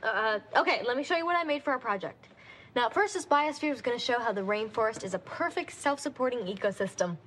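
A woman's voice: on the high side, expressive, fast talker, a little hiss or hum. An actress playing a frazzled teenage girl witch who is whiny and sarcastic. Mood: exasperated. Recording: sitcom audio with loud studio audience laughter.

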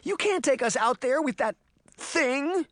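A man's voice: high-pitched, lively intonation, a little fast, no room sound, clean studio sound, pitched above the performer's own voice. A man doing a defiant young girl. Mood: urgent. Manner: urgent, pleading and defiant. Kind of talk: audiobook character reading.

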